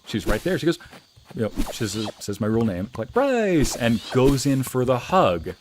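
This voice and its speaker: Lively low-voiced man telling a story. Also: moderate pace, noisy background. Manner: animated, acts out quotes in a raised voice. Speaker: streamer and narrator. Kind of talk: casual storytelling on a game stream. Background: faint background music.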